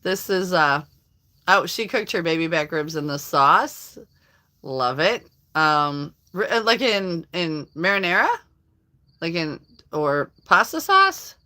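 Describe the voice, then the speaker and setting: A woman's voice: fairly low pitch, big pitch swings, takes it slowly, bright, forceful tone. A middle-aged woman hosting a casual live stream, chatting with viewers by name and laughing often. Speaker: livestream host reading viewer comments.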